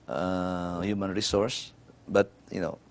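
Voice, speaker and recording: A man's voice: low voice, steady tone, creaky. A Filipino man, an older education official, answering interview questions formally with many fillers and a habit of ending points with "no?". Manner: halting, many fillers and tag "no?".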